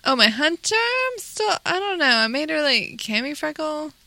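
A woman's voice: high voice, very animated, moderate pace, gravelly, bright, forceful tone, no echo. A woman co-hosting a casual gaming podcast, playful and teasing, often giggling. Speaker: podcast co-host.

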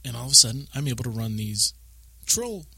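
A man chatting casually on a podcast, rambling and animated as he acts out bits of his stories. His voice is bright and forward. The sound is dry and close, with no room around it. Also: medium pitch, a little fast, creaky, breathy edge, no room sound. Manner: rambling, animated storytelling with acted-out quotes. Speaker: podcast co-host. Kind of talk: casual chat about a video game.

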